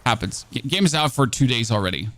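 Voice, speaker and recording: A man's voice: mid-range voice, lively intonation, fast, a bit bright. A German man with a German accent, a streamer giving casual gameplay commentary and answering chat in a chatty, self-mocking way with many fillers.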